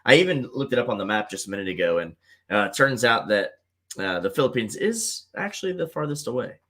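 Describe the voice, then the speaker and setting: A man's voice: mid-range voice, sing-song, a little fast, fairly bright tone. A middle-aged man hosting a live call-in show in a casual, rambling way, full of fillers and repeats. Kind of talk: casual livestream chat.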